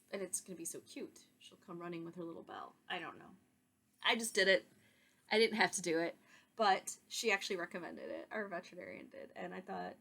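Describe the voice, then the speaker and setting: A woman hosting her own podcast, talking casually and excitedly to viewers, rambling with asides and soft laughs. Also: lowish voice. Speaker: podcast host. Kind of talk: casual chat to camera.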